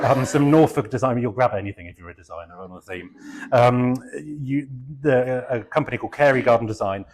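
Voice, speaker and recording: Man, southeast English accent, middle-aged, low voice, rambling chatty talk, self-deprecating. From England. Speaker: garden designer giving a talk.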